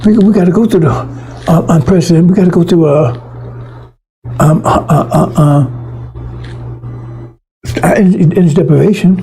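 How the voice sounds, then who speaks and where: A man's voice: sits high, gravelly, dark tone, slightly rough, poor audio. A man preaching an informal, fiery sermon to his congregation, emphatic and profane, often stumbling and restarting his words.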